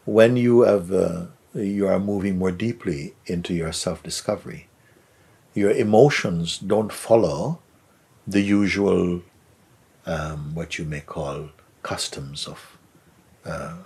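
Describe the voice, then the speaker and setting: Husky, slow-spoken male spiritual teacher. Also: deep voice. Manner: soft, unhurried, often trailing into a whisper; repeats words with gentle emphasis. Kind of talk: spiritual talk answering a question.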